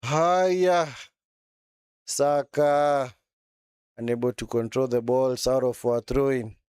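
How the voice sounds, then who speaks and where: Medium-pitched, steady, and darkish, this man's smooth voice moves slowly through clean, echo-free studio sound. He's doing chatty live football commentary at a watchalong, reacting as things happen and adding tags like "man" and "eh."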